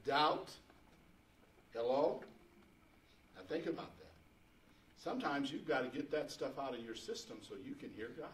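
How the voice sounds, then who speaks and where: A man's voice: fairly high pitch, a little hiss or hum. A man preaching a sermon to his congregation, folksy and conversational, rising to fervent emphasis. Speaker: pastor. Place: church sanctuary. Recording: echoey church room, mic at a distance.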